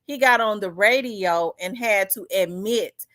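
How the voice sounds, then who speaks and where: A woman's voice: medium pitch, a little slow, a bit bright, dry recording. A middle-aged woman with a Southern US accent, hosting a casual commentary chat, talking loosely with many fillers and restarts and answering viewer comments. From Memphis, US South. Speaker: host.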